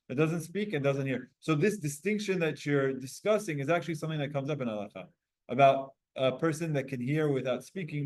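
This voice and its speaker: Man, Talmud teacher, rather high voice, upbeat and brisk, video-call class. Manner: energetic, quick, asks the class questions.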